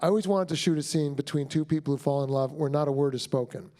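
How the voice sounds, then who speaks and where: A man's voice: a little high, fast, dark tone. A middle-aged man, a film director, talking about his work at a screening Q&A, rambling and effusive with many restarts. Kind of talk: Q&A talk after a screening.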